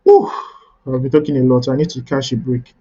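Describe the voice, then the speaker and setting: A man's voice: mid-range voice, flat delivery, fast, warm tone, husky, lo-fi sound. A man coaching a webinar audience on networking, teaching step by step and checking in with "right?" after key points.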